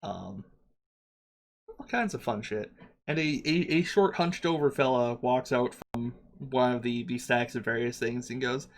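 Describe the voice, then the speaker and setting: Chill guy gm narrating the scene, chatty, laughs a lot, normal pitch. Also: unhurried. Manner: loose, chatty, laughs easily. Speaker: game master. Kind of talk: narrating a tabletop game.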